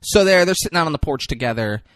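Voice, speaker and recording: A man's voice: on the high side, lively intonation, quick pace, a bit bright, dry recording, clean studio sound. A man co-hosting a podcast, chatting casually and retelling a film scene by scene, swearing now and then and acting out the lines he quotes. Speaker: podcast co-host.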